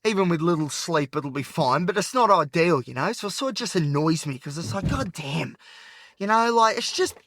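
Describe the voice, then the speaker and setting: A man's voice: a little high, animated, fairly quick, few pauses, fairly bright tone, no echo. An anxious, agitated Australian man hosting a podcast, rambling frankly in a solo talk while he drives at night. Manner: rambling and frank, heavy on filler. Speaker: podcast host. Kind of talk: candid solo monologue while driving. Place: inside a car at night.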